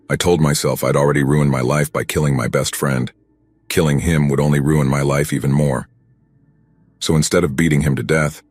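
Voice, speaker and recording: A man narrating a first-person horror story in a steady, grim, scripted telling. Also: extremely low pitch, slightly rough, no echo.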